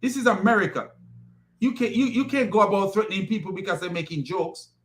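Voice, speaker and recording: A man's voice: high voice, brisk. Mocking man ranting in commentary. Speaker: commentary host. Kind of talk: reaction commentary on clips.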